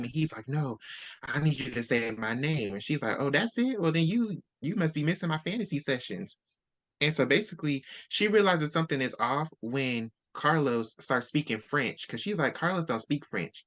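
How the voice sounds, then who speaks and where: Animated man retelling a book. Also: mid-range voice. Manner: animated storyteller, acts out character lines. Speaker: book-swap co-host. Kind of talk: casual book discussion.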